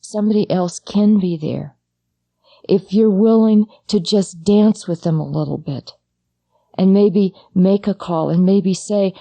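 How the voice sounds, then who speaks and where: Middle-aged woman talking gently to you about grief, warm soft voice, halting, repeats herself, dry close sound. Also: medium pitch, vocal fry, no room sound. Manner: intimate, halting, speaks straight to the listener. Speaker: psychologist and bereaved mother. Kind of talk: personal talk on grief.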